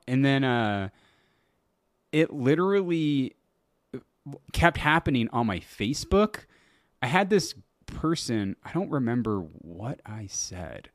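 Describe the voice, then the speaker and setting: A man's voice: mid-range voice, big pitch swings, measured pace, dry recording, studio quality. A man hosting his own podcast, chatting loosely and laughing at his own stories, with lots of swearing. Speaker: podcast host. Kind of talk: casual solo podcast talk.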